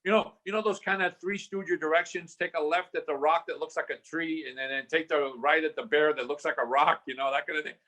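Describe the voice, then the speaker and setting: A man's voice: on the high side, fairly quick, few pauses. A man in his sixties, a real estate investor guest, telling stories animatedly in a casual interview and acting out the dialogue. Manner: animated storyteller, acts out dialogue.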